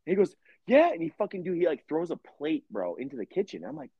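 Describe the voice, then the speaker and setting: A man's voice: on the high side, quick pace, husky, no echo, muffled recording. Foul-mouthed young man telling stories. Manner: profane, rambling, animated storyteller. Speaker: podcast co-host. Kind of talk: casual storytelling chat.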